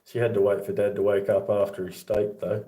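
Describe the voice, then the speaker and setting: Middle-aged Aussie bloke, casual livestream host, easy storyteller, recorded in a roomy, echoey space. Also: male voice, lowish voice, level tone, brisk, dark tone. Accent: Australian. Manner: chatty, laughs through his own yarns. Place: home with boxed-up rooms. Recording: echoey room.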